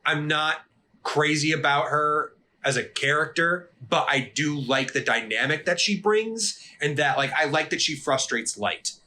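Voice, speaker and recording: Man, podcast co-host, casual chat, animated, swears a lot, bright tone. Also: fairly high pitch, unhurried. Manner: animated, swearing, acts out characters' lines.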